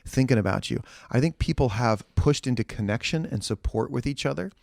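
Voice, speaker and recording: A man of middle pitch co-hosting a church podcast, talking in earnest, ranting bursts full of restarts. He is close on the mic in a dead, dry room. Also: expressive, brisk, creaky, no echo. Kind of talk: casual chat.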